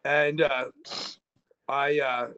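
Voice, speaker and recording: A man's voice: medium pitch, little pitch movement, very slow, bright, forceful tone, smooth, dull audio. A man telling rambling, profane stories in a casual podcast chat. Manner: rambling and profane, with frequent restarts. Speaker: podcast co-host.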